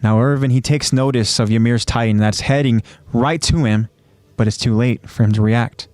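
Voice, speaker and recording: A man's voice: mid-range voice, steady tone, normal speed, darkish tone, dry recording. A man co-hosting a casual podcast, retelling scenes step by step and then talking loosely about them. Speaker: podcast co-host. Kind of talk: casual podcast chat recapping an anime episode.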